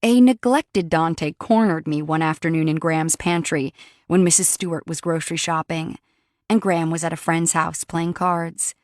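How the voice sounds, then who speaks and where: A woman's voice: deep voice, moderate pace, darkish tone, no room sound, clean studio sound. A woman narrating a first-person romance audiobook, in a wry, sly storytelling manner.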